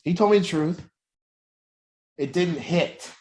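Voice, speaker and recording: A man's voice: on the high side, slow pace, a little mellow. Blunt, profane man coaching families. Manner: profane, intense, preachy. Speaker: addiction recovery coach. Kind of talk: blunt motivational talk.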